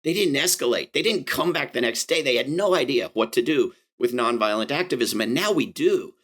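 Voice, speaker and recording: A man speaking as an interview guest, talking with passion, starting over often and acting out quoted voices, with a mid-pitched voice. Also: a little fast. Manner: animated and impassioned, many fillers and restarts, acts out quoted voices. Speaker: interview guest, anti-war activist. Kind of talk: conversational interview.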